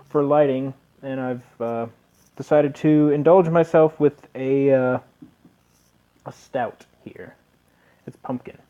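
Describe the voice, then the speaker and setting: A man casually commenting on gameplay, rambling with hesitations. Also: mid-range voice. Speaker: let's play host. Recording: dull lo-fi recording.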